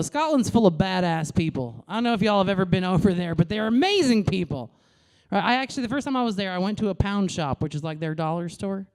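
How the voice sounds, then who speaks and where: A woman comedian in her thirties, originally from New York, doing a brash, crude stand-up routine into a stage mic. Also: medium pitch. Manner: brash, crude, animated punchlines.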